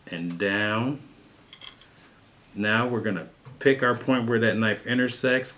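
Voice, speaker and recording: A man calmly teaching soap carving, talking patiently through each cut as he works. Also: fairly low pitch, slight background noise. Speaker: carving instructor. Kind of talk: step-by-step craft tutorial.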